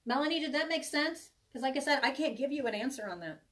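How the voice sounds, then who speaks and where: A woman's voice: sits high, lively intonation, fast, a bit bright, recorded from a distance. A woman giving a live tarot reading to viewers, chatty and reassuring, rambling with many restarts. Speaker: tarot reader.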